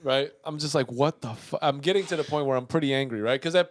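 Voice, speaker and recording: A man co-hosting a podcast, telling a story in casual chat, profane and animated, swinging between loud outbursts and muttering. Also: on the high side, fast talker. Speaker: podcast co-host.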